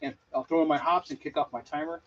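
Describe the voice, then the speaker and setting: Gravelly-voiced man explaining his brewing plainly, on a dull lo-fi recording with faint hiss. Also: fairly high pitch, fast talker, fairly bright tone. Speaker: homebrewer. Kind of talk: casual explaining while brewing. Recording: dull lo-fi sound with faint noise.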